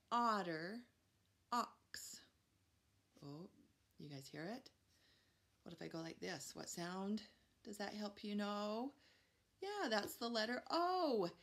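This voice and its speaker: A woman's voice: mid-range voice, gravelly, fairly bright tone. A woman teaching preschoolers a phonics lesson, upbeat and encouraging, stretching out letter sounds. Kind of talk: phonics lesson for young children.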